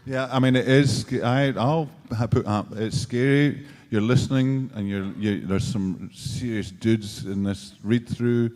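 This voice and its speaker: A man on a convention panel chatting in a relaxed, rambling way. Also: medium pitch, unhurried, hardly any pauses. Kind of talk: casual chat. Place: large convention hall. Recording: echoey convention hall.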